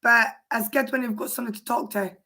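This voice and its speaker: A Scottish woman with a hoarse, worn voice, chatting casually on a livestream and answering her viewers' comments aloud. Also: on the high side, fairly even intonation, fast talker, pushed and bright. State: hoarse, voice mostly gone.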